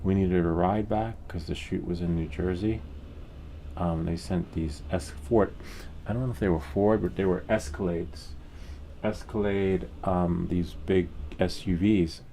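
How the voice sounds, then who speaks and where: A man's voice: low-pitched, fairly even intonation, measured pace, mellow, slight background noise. A middle-aged man hosting a hobby painting channel, telling a rambling, candid story in a casual way with the odd curse word. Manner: rambling, candid, occasional swearing.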